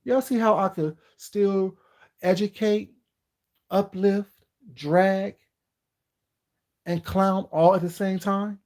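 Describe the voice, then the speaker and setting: Man, somewhat high-pitched, sassy, emphatic, drawn-out rhetorical questions, casual live-stream commentary. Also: fairly even intonation, darkish tone.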